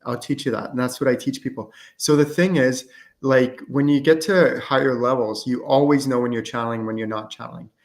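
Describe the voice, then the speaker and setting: A man's voice: medium pitch, steady tone, a little fast. A middle-aged man answers viewer questions on a live stream in a loose, conversational way. He fills his talk with "like" and "um" and slips into acted-out back-and-forths. His voice sits in an ordinary middle range. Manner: casual and chatty, many fillers, acts out student exchanges. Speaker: host and channeling teacher.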